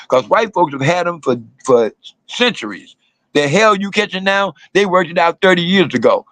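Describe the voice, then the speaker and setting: A man's voice: a little high, a bit bright, dry recording, low-quality recording. An older man, delivering fiery, blunt political commentary as a radio host and repeating slogans for emphasis.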